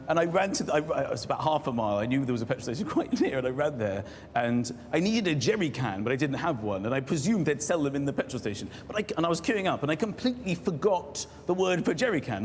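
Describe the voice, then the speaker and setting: A British man, a talk show guest, telling a self-mocking comic anecdote with animated energy. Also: a little high. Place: television studio with live audience. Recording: reverberant studio with audience noise.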